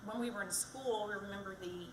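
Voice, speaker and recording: A woman's voice: medium pitch, brisk. Chatty Texan woman on a distant mic. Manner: chatty, self-deprecating, joking with the crowd. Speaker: candidate for county treasurer. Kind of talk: campaign stump speech. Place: fire department community event. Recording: echoey, distant mic, background noise.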